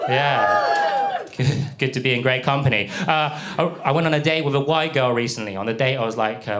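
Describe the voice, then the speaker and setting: A young man from the UK performing a stand-up comedy set, delivering deadpan punchlines and slipping into put-on voices for characters. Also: medium pitch, normal speed. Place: comedy club stage with a laughing audience. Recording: live club recording with crowd laughter.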